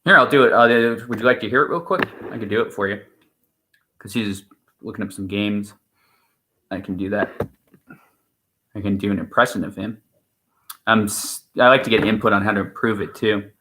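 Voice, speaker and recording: Man, stream co-host, casual rambling chat, bright tone, opinionated. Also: on the low side, steady tone, normal speed, pauses often, a little hiss or hum. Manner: rambling, opinionated, with many restarts.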